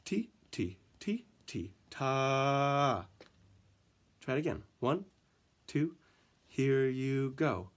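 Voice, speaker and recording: Slow, lively-voiced male music teacher. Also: mid-range voice. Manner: chants rhythm syllables, counts in, encourages. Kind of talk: recorded music lesson for children.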